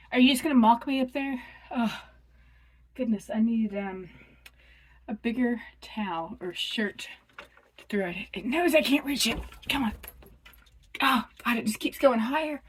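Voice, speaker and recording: A woman filming herself at home, talking excitedly to herself in a closet and often dropping to a whisper. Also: a little high, takes it slowly, pauses often, a little hiss or hum. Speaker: vlogger. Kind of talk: casual self-filmed commentary.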